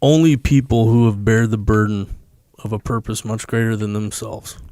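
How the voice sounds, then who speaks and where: A man's voice: on the low side, steady tone, moderate pace, warm tone, no echo, studio quality. A man from the United States, a podcast guest, telling a personal story in a candid, profane and emotional way.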